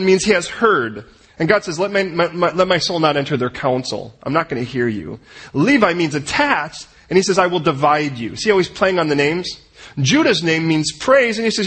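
Casting: male preacher, husky and fairly high, lively delivery with voiced asides. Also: brisk. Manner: animated preaching, acting out quoted voices. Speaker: pastor. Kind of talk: sermon.

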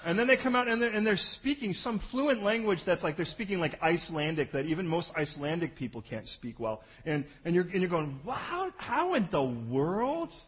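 Pastor guy preaching, husky and kinda high, jokey, goes loud then drops way down. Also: a little fast, few pauses, low-quality recording. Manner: animated, jokey, swings from loud bursts to low asides. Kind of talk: sermon.

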